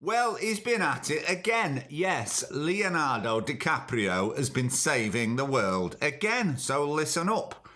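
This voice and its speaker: A man's voice: on the high side, sing-song, takes it slowly, few pauses, pushed and bright. A man hosting a comic podcast, chatting in a dry, jokey way and interrupting himself as he reads out news. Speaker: podcast host. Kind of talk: comic monologue and phone bit.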